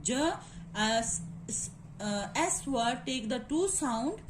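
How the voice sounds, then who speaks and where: Woman teacher, high voice, slow deliberate pace, spells out sounds one by one, faint hiss behind. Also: expressive. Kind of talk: phonetics lesson walkthrough.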